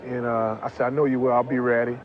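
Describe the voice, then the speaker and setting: A man loudly recalling a game he played in, telling it with emphasis. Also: mid-range voice, flat delivery, fast, heavy background noise. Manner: loud, emphatic storytelling. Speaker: former opponent recalling a game. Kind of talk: interview anecdote. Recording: dull lo-fi audio.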